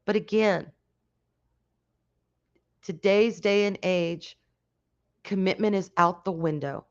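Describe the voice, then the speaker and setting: A woman hosting a casual livestream, talking frankly with some swearing and greeting chat viewers with loud excitement. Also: mid-range voice, slow pace. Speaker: livestream host chatting with viewers. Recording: dull lo-fi stream audio.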